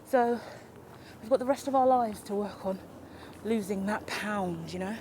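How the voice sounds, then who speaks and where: A woman, rambling through an unscripted walk-and-talk vlog outdoors, animated and self-mocking. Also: mid-range voice, measured pace, slight background noise. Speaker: vlogger. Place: outdoors in a park or woodland. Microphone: handheld camera while walking.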